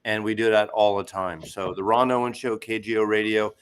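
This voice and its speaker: An older man guest telling brisk, blunt stories, swearing freely. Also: lowish voice, steady tone, smooth. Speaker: guest, former radio regular. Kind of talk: casual storytelling.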